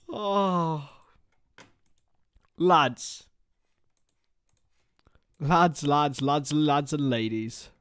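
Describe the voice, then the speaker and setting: A young man hosting a casual live stream, chatting with viewers by name and bursting into excited shouts. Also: on the high side, drawn-out words, pauses often, clear, resonant tone, no echo, studio quality. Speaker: livestream host.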